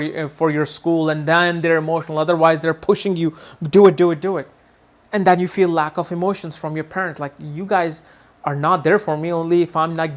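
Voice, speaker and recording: A man teaching an astrology lesson in a lively way, often acting out what people say and repeating his words. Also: a little high. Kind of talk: video lesson.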